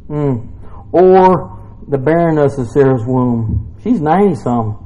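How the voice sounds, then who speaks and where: A man's voice: mid-range voice, animated, takes it slowly, mellow, muffled recording. A man giving a casual, jokey sermon in a church, rambling into asides between scripture readings. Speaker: preacher.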